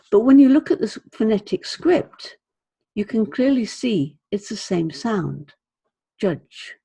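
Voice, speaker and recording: A woman's voice: mid-range voice, creaky, dark tone, breathy edge. A British woman teaching English pronunciation, carefully demonstrating sounds by repeating words. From Britain. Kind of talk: slow, careful pronunciation lesson.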